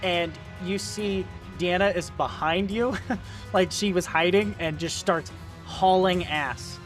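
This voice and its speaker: A man's voice: sits high, steady tone, slow pace, soft background music. A man narrating as game master in a casual, rambling way full of fillers.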